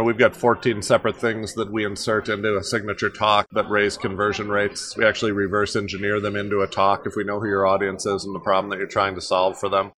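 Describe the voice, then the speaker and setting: Low-voiced man, emphatic speaking coach. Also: fairly bright tone, a little hiss or hum. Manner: emphatic, repeats phrases for effect. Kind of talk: podcast interview.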